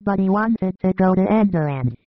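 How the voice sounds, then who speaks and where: A reader voicing a gentle, devout young male disciple who recites in a steady, reverent way in a dramatized audiobook. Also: mid-range voice, normal speed, no echo, phone-quality sound, natural voice.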